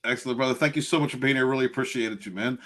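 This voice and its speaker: Um homem apresentando um podcast, animado, chamando os convidados de irmão. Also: male voice, medium pitch, very fast, fairly bright tone. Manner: upbeat, calls guests brother. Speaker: podcast host. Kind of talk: casual podcast hosting.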